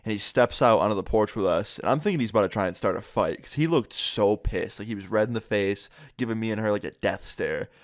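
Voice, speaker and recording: A man's voice: fairly low pitch, fast talker, hardly any pauses, no room sound, studio quality. A young man telling a story to his vlog audience in a casual way, acting out the lines of the people in it. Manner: animated retelling, acting out quotes.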